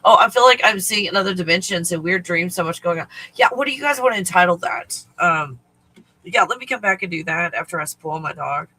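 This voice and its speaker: Bright-voiced man chatting loosely. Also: high-pitched, lively intonation, brisk, low-quality recording. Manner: rambling and profane, often laughing. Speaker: spiritual livestream host. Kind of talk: casual chat to viewers.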